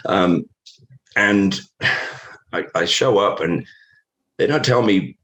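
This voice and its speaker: A man's voice: low voice, slow, a bit bright. A British man in his thirties, a guest telling stories in a casual interview, rambling with many fillers and restarts. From Britain.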